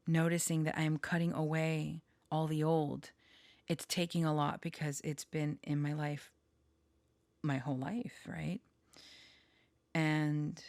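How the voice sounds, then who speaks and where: A woman talking slowly and haltingly with many pauses, sharing personal reflections in a vlog, short on sleep. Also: sits low, vocal fry, no room sound. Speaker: tarot reader and storyteller.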